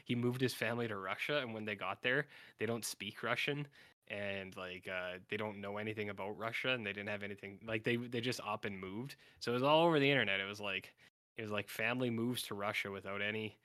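A man's voice: on the low side, a little fast, fairly bright tone, no room sound. A man from Canada co-hosting a podcast in casual, rambling chat, full of "like" and filler. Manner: rambling, filler-heavy, acts out silly voices. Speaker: podcast co-host.

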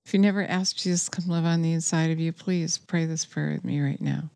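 A woman's voice: sits low, steady tone, brisk, creaky, a little mellow, dry recording. A woman preaching a sermon, earnest and urgent, telling listeners what she says she has heard and urging them to act.

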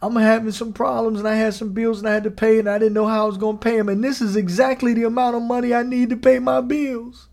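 Guy putting on a high-voiced bakery lady, tearful and pleading, word pouring out. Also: flat delivery, fast talker, creaky, few pauses, darkish tone. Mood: apologetic. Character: rude, then tearful woman bakery clerk.

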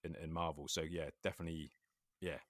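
A man's voice: very deep voice, level tone, fast talker, a bit bright, no echo, studio quality. A man, chatting casually as a podcast co-host, swearing constantly and laughing often as he tells a story. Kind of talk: casual chat.

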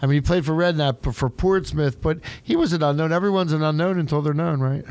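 A man's voice: on the high side, brisk, a little mellow, clear, resonant tone, no echo. A man hosting a casual soccer podcast, rambling and groping for names as he talks. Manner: rambling, loses names mid-sentence. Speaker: podcast host. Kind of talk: casual chat.

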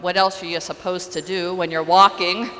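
A woman pastor preaching a sermon, telling a story in an earnest, deliberate way. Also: on the low side, little pitch movement, sharp tone, big-room sound.

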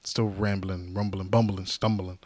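A man's voice: low voice, flat delivery, moderate pace, a little mellow, no room sound. A man hosting a podcast alone, rambling in a casual, jokey and self-mocking way. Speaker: podcast host. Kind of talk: casual solo podcast monologue.

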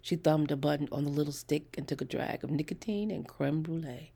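Husky, gravelly woman narrating a story. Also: low voice, fairly even intonation, brisk, dark tone. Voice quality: husky, gravelly, half-whispered. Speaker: audiobook reader.

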